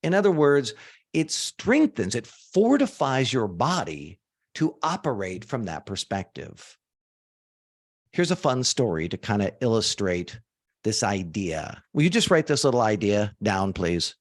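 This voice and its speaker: A man teaching a live seminar, animated and informal, swearing now and then for emphasis and asking the audience to join in. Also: on the low side. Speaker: motivational speaker.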